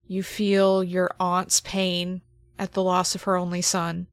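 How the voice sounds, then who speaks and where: A woman game master narrating a horror tabletop game slowly and dramatically, often dropping to near whispers for suspense. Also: on the low side, monotone, no room sound, studio quality.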